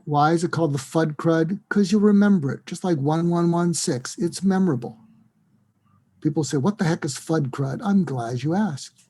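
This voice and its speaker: A man, a psychiatrist, giving advice in an interview, acting out lively example dialogues. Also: on the high side, moderate pace. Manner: animated, acts out dialogue in quoted voices. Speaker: psychiatrist and guest.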